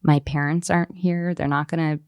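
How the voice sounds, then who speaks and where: Low-pitched woman, thirties, candid podcast guest, animated storytelling, dry close sound. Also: fairly quick, clear, resonant tone, dry recording. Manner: animated, acts out quoted voices, frequent fillers. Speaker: author guest.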